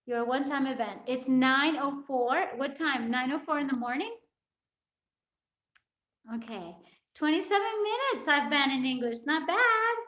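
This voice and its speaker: A fitness coach with a high-pitched, slightly bright voice runs a casual live stream, chatting effusively with viewers and thanking them again and again. She speaks at a normal pace, and her voice bounces around an echoey room.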